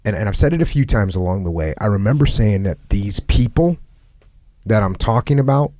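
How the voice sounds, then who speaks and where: Earnest low-voiced man, dry close sound. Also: lively intonation, fairly quick, dark tone, dry recording. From United States. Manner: earnest, repeats phrases for emphasis. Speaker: podcast host. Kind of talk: reflective conversational talk.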